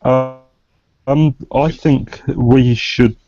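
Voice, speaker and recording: Slow, mellow-voiced male player, cautious and hesitant, dry lo-fi call audio. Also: medium pitch, steady tone, no echo, faint music behind. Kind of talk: casual tabletop play.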